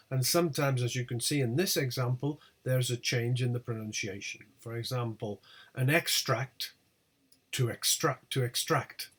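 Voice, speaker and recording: A man teaching a lecture on English word stress, speaking slowly and deliberately and over-stressing each example word. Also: medium pitch, a bit bright. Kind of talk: lecture on pronunciation.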